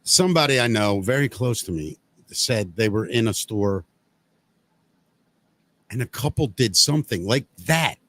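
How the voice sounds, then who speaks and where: A man's voice: lowish voice, a little slow, long pauses, no room sound. A man co-hosting a casual podcast, telling a long story and acting out the people in it. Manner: animated storyteller acting out quoted voices. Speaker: podcast co-host. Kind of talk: casual chat.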